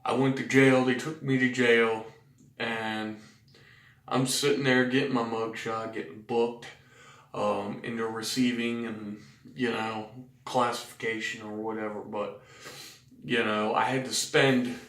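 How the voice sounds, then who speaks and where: A man's voice: mid-range voice, level tone, a little slow, fairly bright tone. A man with a Southern US accent telling his own story to the camera, blunt and profane, rambling with fillers. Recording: roomy sound from a distant mic.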